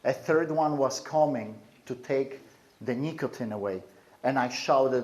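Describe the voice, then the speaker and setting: A man's voice: mid-range voice, a little slow, darkish tone. A man giving an earnest, intense personal testimony, often repeating his phrases.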